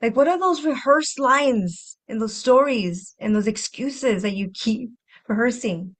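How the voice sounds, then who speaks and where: A woman hosting a self-help podcast, speaking gently and reflectively, repeating phrases and acting out inner voices with sighs. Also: fairly high pitch, a little slow. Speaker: podcast host and healing coach.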